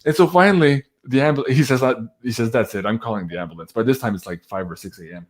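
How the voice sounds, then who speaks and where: A man's voice: mid-range voice, quick pace. Laughing man telling a story. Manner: animated, laughs often while telling a story. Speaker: guest. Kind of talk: casual storytelling on a livestream.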